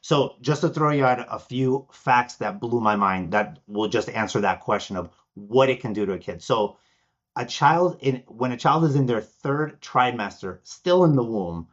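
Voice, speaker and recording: A man's voice: medium pitch, moderate pace, lo-fi sound. A man from Argentina, a podcast guest, telling stories with energy and acting out the people he quotes. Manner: animated storyteller, acts out quoted voices. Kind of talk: podcast interview.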